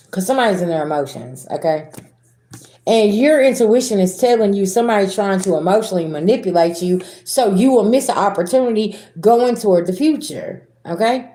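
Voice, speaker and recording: Woman, Southern American accent, spiritual reader, blunt and profane, mellow voice, echoey room. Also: medium pitch, lively intonation, a little fast. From Southern United States. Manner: blunt and profane, acts out arguments. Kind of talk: casual tarot reading to viewers.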